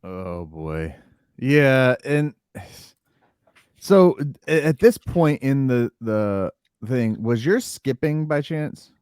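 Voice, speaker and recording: A man co-hosting a podcast, chatting casually about a TV episode with relaxed asides. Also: mid-range voice, extremely slow, clear, resonant tone, dry recording, clean studio sound. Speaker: podcast co-host. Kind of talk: casual chat recapping an episode.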